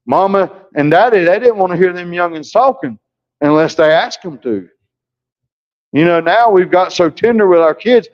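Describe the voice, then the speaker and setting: A man's voice: sits high, lively intonation, normal speed. A male pastor preaching a sermon in a church, folksy and down-home, with plain asides to the congregation. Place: church sanctuary. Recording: muffled lo-fi church recording.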